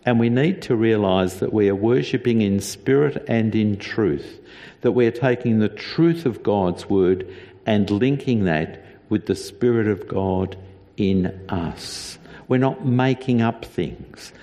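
A man preaching a sermon as a pastor, earnest and deliberate, with emphatic repetition. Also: lowish voice, warm tone, in a large hall.

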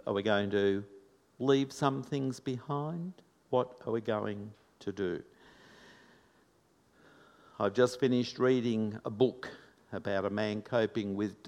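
Slow reflective male preacher in a hall. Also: on the low side, darkish tone. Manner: slow, reflective, measured delivery. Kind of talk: sermon. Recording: long reverb of a large hall.

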